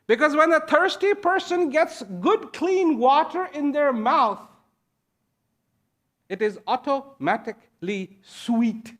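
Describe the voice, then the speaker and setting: A man giving a speech to an audience, slow and deliberate, pausing between short phrases and repeating key words for emphasis. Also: extremely high pitch, expressive, a bit bright. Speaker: invited speaker. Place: event at a large international venue.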